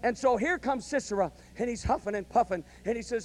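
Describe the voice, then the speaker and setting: A male pastor delivering a sermon, telling a story and building to loud, emphatic calls of amen. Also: very high-pitched, fairly quick, hardly any pauses, slight background noise.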